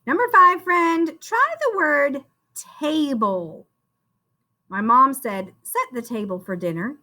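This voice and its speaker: A woman teacher giving a slow, sing-song phonics spelling lesson to young children, encouraging them and calling each one "friend". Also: high-pitched, expressive, sharp tone.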